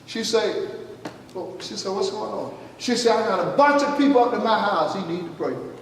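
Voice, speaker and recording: A man with a high, expressive voice speaks at a normal pace as a pastor sharing a testimony in a sermon. He acts out the dialogue and calls out "you listening?" to the congregation. The recording sounds like an echoey hall heard from a distance, with faint noise.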